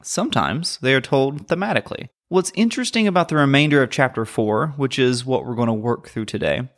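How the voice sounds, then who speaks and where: A man's voice: mid-range voice, a little fast. A man giving a verse-by-verse Bible teaching in a conversational tone, with wry asides.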